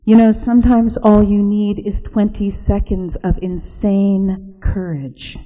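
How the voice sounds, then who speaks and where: A woman narrating a reflective spoken essay, slow and hushed, sometimes dropping to a whisper. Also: mid-range voice, steady tone, long reverb tail, poor audio.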